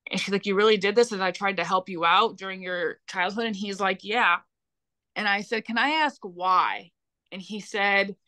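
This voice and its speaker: A woman's voice: on the low side, bright, forceful tone. A young adult woman, a podcast guest, telling a painful personal story in a blunt, heated way with frequent swearing.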